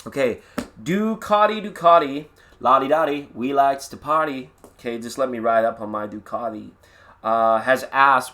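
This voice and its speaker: A man's voice: medium pitch, fairly bright tone. A man doing a live-stream tarot reading in a chatty, playful way with sing-song asides. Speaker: tarot reader.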